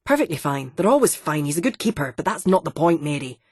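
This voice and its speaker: A hot-headed landowner father rants and swears at full volume, voiced by a woman reading the story. The voice sits low and husky, and the recording is dry and close, with no room sound. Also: big pitch swings, quick pace, no room sound, exaggerated voice. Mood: indignant. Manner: loud, indignant ranting with heavy swearing. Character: blustering, short-tempered middle-aged landowner father.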